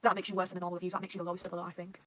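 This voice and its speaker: Young adult woman, fan reaction vlogger; excitable, sweary, very fast delivery. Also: on the low side, slight background noise, low-quality recording. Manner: gushing, excitable, swears a lot. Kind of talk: casual fan reaction chat.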